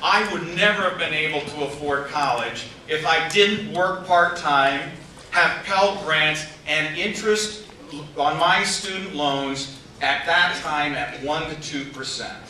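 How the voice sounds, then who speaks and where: A man's voice: fairly high pitch, pushed and bright. A man from Iowa giving a campaign rally speech and leading the crowd in chants. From Iowa, USA. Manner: rousing, leads crowd chants. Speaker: congressman introducing speakers. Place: large room with a crowd. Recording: echoey hall, from far off, crowd noise.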